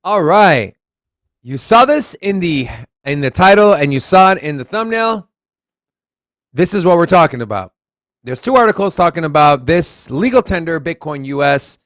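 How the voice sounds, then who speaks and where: A man's voice: on the high side, moderate pace, no room sound. Texan male co-host, Southern accent, dry close sound, reads headlines aloud and riffs on them. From Texas. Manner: animated, reads articles aloud, swears casually. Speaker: podcast co-host. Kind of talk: casual crypto news chat.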